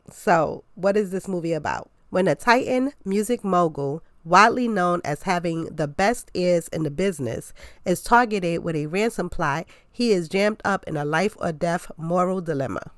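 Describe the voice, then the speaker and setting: Congested New woman with a low voice. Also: dry recording. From New York. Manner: chatty and expressive, leans on "like", jumps up in pitch for emphasis. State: congested, stuffed-up from a cold. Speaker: YouTube movie reviewer. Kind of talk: casual review monologue.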